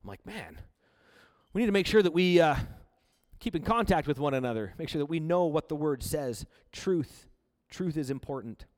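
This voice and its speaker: A man's voice: fairly high pitch, lively intonation, a little fast, a little mellow. A man from Canada preaching a sermon, telling his own story in an earnest, confessional way. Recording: long hall reverb.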